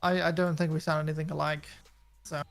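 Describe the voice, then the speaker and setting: Gravelly British man, short hesitant replies. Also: fairly high pitch, little pitch movement, a little fast, a bit bright. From United Kingdom. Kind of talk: casual chat. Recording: faint music behind.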